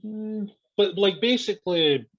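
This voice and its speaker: A man's voice: high-pitched, measured pace. A man, a podcast guest telling a story in casual chat, swearing a lot, laughing and acting out what people said. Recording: dull lo-fi podcast audio.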